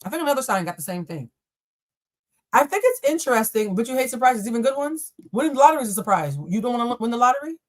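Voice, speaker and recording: A young adult woman runs a live tarot reading, tackling chat questions in a blunt, profane, playful manner and calling her viewers "y'all." Her voice is a little high and sing-song, and she speaks quickly.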